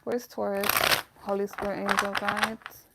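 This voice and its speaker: A woman's voice: mid-range voice, flat delivery, unhurried, gravelly, heavy background noise. A woman giving a casual, emotional tarot reading, talking straight to her viewers with some swearing. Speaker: tarot reader.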